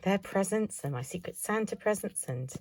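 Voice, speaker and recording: A woman's voice: medium pitch, expressive, moderate pace, a little mellow. A woman showing her craft haul in a casual, chatty vlog, thinking aloud with self-mocking asides. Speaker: craft vlogger.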